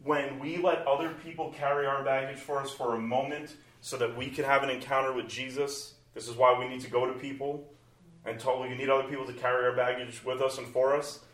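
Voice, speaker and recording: A man preaching, his voice carrying through a roomy church hall, picked up from a distance off the mic. His pitch sits in an ordinary middle range. He swings from bright, loud exclamations down to soft, hushed passages. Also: fairly even intonation, a little fast. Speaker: pastor. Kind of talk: sermon.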